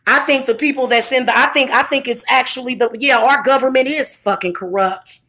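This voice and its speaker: Bright-voiced angry woman ranting. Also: sits high, a little fast. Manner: profane, heated venting with bursts of shouting. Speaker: vlogger.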